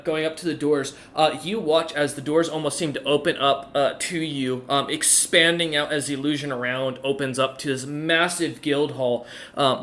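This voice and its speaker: A man's voice: fairly high pitch, a bit bright. A man narrating a tabletop game as game master, rambling with lots of ums and uhs.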